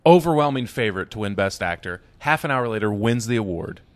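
Chatty man co-hosting, quick interjections. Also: on the low side, expressive. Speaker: podcast co-host. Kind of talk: casual chat.

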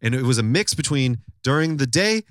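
A man hosting a podcast, telling a story in loose, animated, profane casual chat. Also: medium pitch, a little fast, clear, resonant tone, dry recording, studio quality. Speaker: podcast host.

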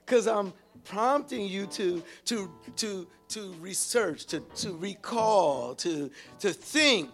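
High-voiced preacher calling out to his flock. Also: animated, faint music behind. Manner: calls out to the congregation with repeated "hello?" and "whoa"; halting, repeats words while searching for them. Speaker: pastor and Bible teacher. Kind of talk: interactive teaching sermon.

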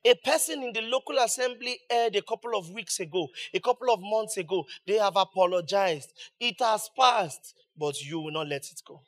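A male pastor with a high-pitched voice delivers a sermon, pressing his points with rhetorical questions and rising emphasis. He speaks as the regular preacher of his congregation. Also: normal speed, few pauses.

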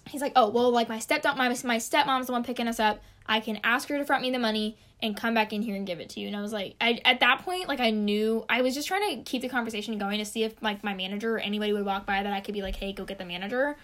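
A woman's voice: fairly high pitch, fast talker, few pauses, a bit bright. A young woman telling a work story in casual chat, rambling and saying "like" constantly. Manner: rambling, heavy use of "like".

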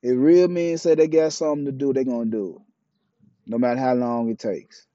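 Blunt, profane man with a dark voice. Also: mid-range voice, fairly even intonation, a little fast, dry recording. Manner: blunt, profane, preachy street talk. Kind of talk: casual monologue, opinionated. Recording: dull, dry, lo-fi mic.

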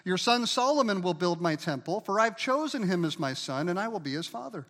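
A man's voice: high voice, expressive, a little fast, hardly any pauses, a bit bright, big-room sound. A male pastor preaching a sermon with emphasis, asking the congregation to repeat key words after him.

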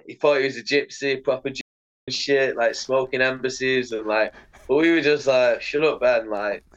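In a muffled recording, a medium-pitched English man chats as a podcast guest. He's a pro skateboarder doing casual interview storytelling, sweary and animated, impersonating the people who feature in his anecdotes.

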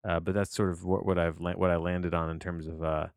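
A man's voice: low voice, flat delivery, fairly quick, clear, resonant tone, dry recording, studio quality. A man hosting a solo podcast, rambling and digressing as he reviews a movie, often restarting his sentences and swearing casually. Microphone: close to the mic.

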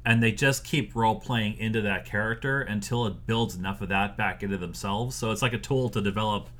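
A man's voice: lowish voice, fairly quick, fairly bright tone, a little hiss or hum. A man hosting a casual interview, asking questions and cracking teasing jokes.

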